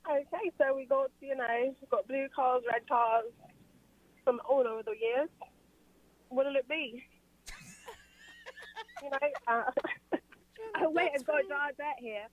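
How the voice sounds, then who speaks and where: A woman's voice: high-pitched, fairly even intonation, measured pace, long pauses. A British woman calling in on the phone and improvising as a rambling male used car salesman, with laughing ad-libs. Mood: pushy. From Britain. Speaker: caller. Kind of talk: improvised radio acting. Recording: dull phone line.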